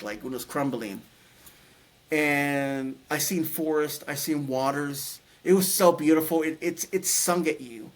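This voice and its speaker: A middle-aged man telling a personal story in a casual, rambling way, full of restarts and fillers. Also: fairly high pitch. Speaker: guest telling his near-death story.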